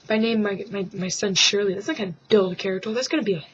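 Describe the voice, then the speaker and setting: Husky-voiced woman ranting on webcam. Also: medium pitch, fast, hardly any pauses. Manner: rambling, jokey, mock voices and whispered asides. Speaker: vlogger. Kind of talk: casual comic rant to camera. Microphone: webcam microphone. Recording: dull lo-fi webcam sound.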